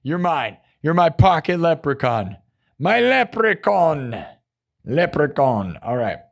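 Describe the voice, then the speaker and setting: A man's voice: on the high side, sing-song, slow, creaky. An exhausted man hosting a live stream, chatting casually and rambling while he improvises a story. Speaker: live-stream host and musician.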